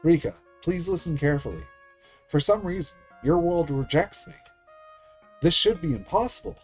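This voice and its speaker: A man's voice: on the high side, moderate pace, a little mellow, breathy edge, faint music behind, voice pushed up. A man voicing a meek girl spirit deity who stammers anxiously and apologizes.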